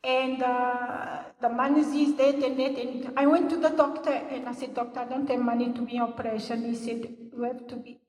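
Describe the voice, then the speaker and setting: An older woman, giving a personal testimony in church in halting English. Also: high voice, flat delivery, a little mellow. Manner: halting non-native English, earnest storytelling. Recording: echoey hall, voice from far off.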